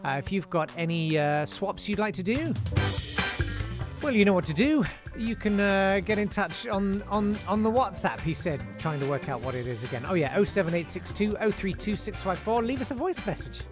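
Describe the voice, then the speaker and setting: A man's voice: high voice, very animated, normal speed, over music. A man hosting a casual live-stream chat show, reading out listener messages in a chatty, self-deprecating way. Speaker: host.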